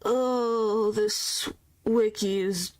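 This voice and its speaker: A woman's voice: mid-range voice, steady tone, extremely slow, a little mellow. A woman streaming a horror game, talking casually and reacting with exasperated disbelief. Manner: exasperated, incredulous, says "frickin'" a lot. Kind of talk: casual gameplay commentary.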